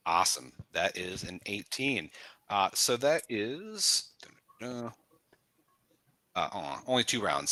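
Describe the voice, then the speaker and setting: A man playing a tabletop game, playful and rambling as he thinks out loud. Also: fairly low pitch, no echo. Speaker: player.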